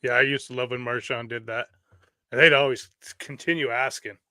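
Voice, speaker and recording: A man from Canada co-hosting a casual sports chat, telling stories in a relaxed way and laughing easily. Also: medium pitch, brisk, dry recording. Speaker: podcast co-host.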